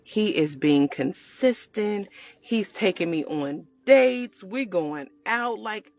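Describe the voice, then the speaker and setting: A woman telling her viewers a personal story in a casual storytime way, animated and chatty, calling them y'all. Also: mid-range voice, slow pace, dry recording, highs cut off. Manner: animated, addresses viewers as y'all, acts out quotes. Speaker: storytelling vlogger.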